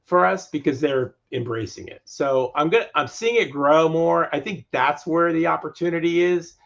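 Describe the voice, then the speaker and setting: A man's voice: fairly high pitch, normal speed, gravelly, lo-fi sound. A man speaking as a guest in a podcast interview on lending. He makes his points emphatically and repeats phrases to drive them home.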